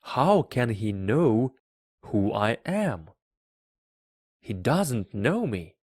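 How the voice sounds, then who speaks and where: A man reading the part of a tired, curious boy prince in a storybook, speaking a little softer and asking questions. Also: mid-range voice, big pitch swings, drawn-out words, dry recording, studio quality, full character voice.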